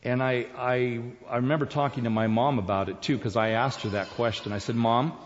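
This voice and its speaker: A man's voice: medium pitch, fairly even intonation, fairly quick, a little hiss or hum. An older man giving a folksy, chatty Bible teaching, chuckling often. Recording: dull sound with long hall reverb.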